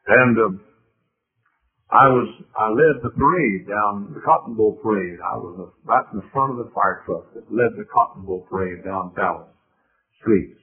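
An older man telling a childhood story in a sermon, halting at first and rising into emphatic preaching. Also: on the low side. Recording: tinny phone-like recording.

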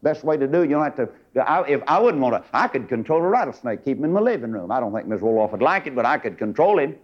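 A middle-aged preacher, delivering a fiery sermon and swinging from loud highs to low asides. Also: male voice, sing-song, fast. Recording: dull lo-fi recording.

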